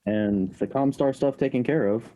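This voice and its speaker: A man playing a tabletop game, describing his character's actions in a halting way with many fillers. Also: medium pitch, mellow, highs cut off. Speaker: player.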